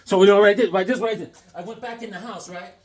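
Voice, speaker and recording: A man hosting a comedic unboxing vlog, rambling through jokes and stories with animated outbursts. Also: high voice, rapid-fire. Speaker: comic book vlogger.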